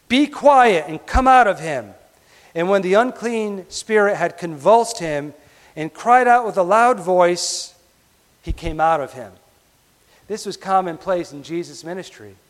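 Brief: male pastor, fairly high voice, emphatic sermon with quiet drops, recorded in a hall with a long reverb. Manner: emphatic, often drops to a quiet, low delivery.

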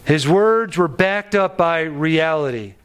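A man preaching a sermon on a Bible passage, animated and emphatic, pushing his voice up on key phrases. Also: on the high side, takes it slowly, clear, resonant tone. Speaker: pastor.

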